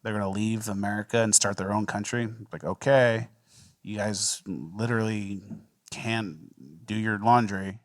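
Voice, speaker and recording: A man's voice: fairly low pitch, steady tone, measured pace, dry recording. Laid-back young man chatting, dry sound. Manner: laid-back storyteller, laughs often. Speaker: podcast co-host. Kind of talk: casual chat.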